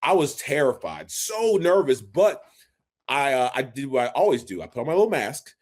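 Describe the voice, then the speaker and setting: A man in his forties co-hosting a casual sports podcast, an animated storyteller who acts out quotes as he recalls his playing days. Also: mid-range voice, moderate pace. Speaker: podcast co-host, former NFL fullback.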